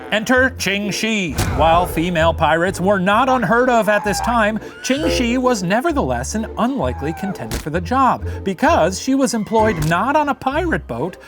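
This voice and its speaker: A man voicing a flamboyant male puppet professor who hosts a comedic history quiz in a theatrical, singsong way. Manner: theatrical and singsong, big swoops in pitch. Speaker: host playing a puppet professor. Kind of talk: comedic scripted history lesson.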